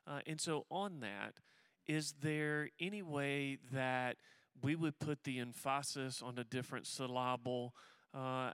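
A man moderating a panel, asking questions in a halting, gently joking way with many fillers. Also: medium pitch, steady tone, clean tone, dry recording.

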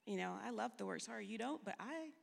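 A woman's voice: on the high side, lively intonation, fast, gravelly, husky. A woman counselor on a panel, speaking earnestly and personally. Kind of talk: panel discussion. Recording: long hall reverb.

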